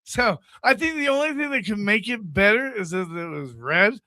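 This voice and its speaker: A man hosting a radio show, chatting casually with animated, stammering restarts. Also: high voice, normal speed, dry recording.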